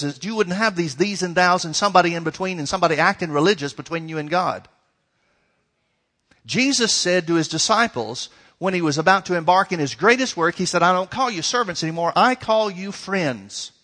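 Pitched high, pushed and bright, this man's voice carries an emphatic, folksy sermon aimed directly at the congregation. The pastor draws out important words, and a large hall adds long reverb.

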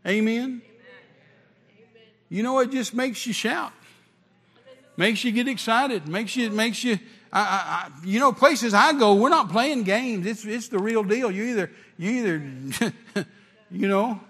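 A man preaching a sermon, animated, rising to shouts at its peaks. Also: sits high, unhurried, breathy edge. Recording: long hall reverb.

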